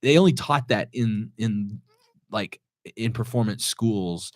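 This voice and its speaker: A man's voice: on the low side, slow pace, no room sound, studio quality. Rambling man in casual podcast chat. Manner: rambling, many restarts and fillers. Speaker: podcast co-host.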